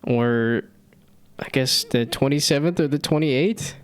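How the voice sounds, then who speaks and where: A man's voice: medium pitch, measured pace, clear, resonant tone. A man in his thirties chatting casually on a live stream, rambling and self-deprecating, laughing often. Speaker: streamer and hobby game developer.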